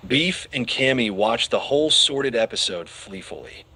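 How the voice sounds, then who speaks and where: Male narrator for a children's audiobook; expressive, animated pitch. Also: moderate pace, breathy edge. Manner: expressive storytelling.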